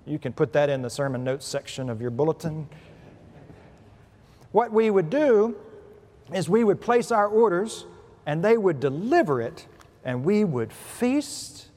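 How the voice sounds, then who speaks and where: A man preaching a sermon as pastor, telling a humorous story with lively shifts in loudness and pitch. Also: measured pace, long pauses. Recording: preached in a hall with long reverb.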